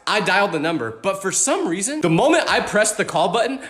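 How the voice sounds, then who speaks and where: A young man from California rattles off funny stories at a fast clip. His voice sits high and swings widely as he plays up every moment. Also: echoey room. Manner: animated, exaggerated and quick-talking. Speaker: comedy creator. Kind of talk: comedic storytelling monologue.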